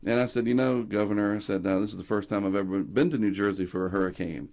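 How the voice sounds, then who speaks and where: A man's voice: fairly low pitch, quick pace. A middle-aged man from North Carolina, a hurricane tracker, telling stories casually in an interview and acting out what people said. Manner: animated anecdotes, acting out quotes.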